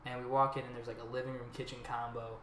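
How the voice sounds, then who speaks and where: A man co-hosting a podcast, telling an animated story in casual chat, swearing freely and acting out what others said. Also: medium pitch, fast. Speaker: podcast co-host. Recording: echoey room, faint noise.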